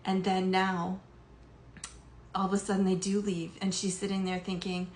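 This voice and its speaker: A woman's voice: medium pitch, completely flat delivery, moderate pace, pauses often, darkish tone. A middle-aged woman, a life coach, talking casually to her audience with lots of fillers and some emotion. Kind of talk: casual monologue to camera. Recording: echoey room with faint background noise.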